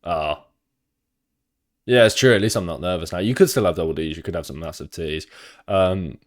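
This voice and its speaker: A man's voice: low voice, fast talker. A man with an English Midlands accent, streaming and chatting casually with rambling, sweary talk. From England, Midlands. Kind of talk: casual live reaction chat.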